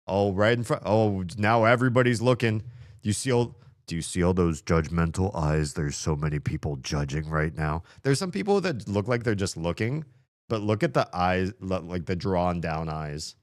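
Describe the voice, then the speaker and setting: Low-voiced, playful male game streamer. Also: normal speed, dry recording, studio quality. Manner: playful, chatty, laughs often. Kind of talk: casual game commentary.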